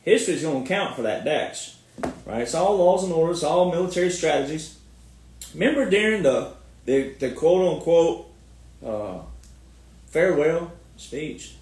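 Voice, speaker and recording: An American military veteran with a slightly high, darkish voice delivers an animated, moderately paced online rant full of sarcastic mockery, often breaking into laughter. He sounds far from the mic in an echoey room.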